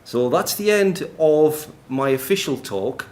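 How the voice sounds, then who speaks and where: A man's voice: fairly high pitch, animated, slow. A man giving a live technical presentation in a noisy, echoey conference room, chatty and self-deprecating, often laughing. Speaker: conference speaker.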